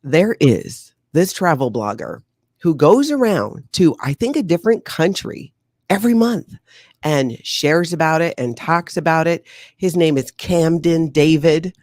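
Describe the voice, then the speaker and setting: A woman hosting a casual livestream, chatty and animated, laughing often. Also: deep voice, unhurried, no echo, studio quality. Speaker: livestream host.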